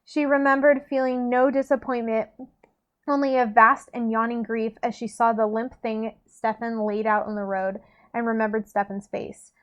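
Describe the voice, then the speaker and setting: A woman's voice: fairly high pitch, flat delivery, moderate pace. A woman casually reading a novel aloud, often stumbling over words and correcting herself. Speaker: reader. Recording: dull lo-fi recording.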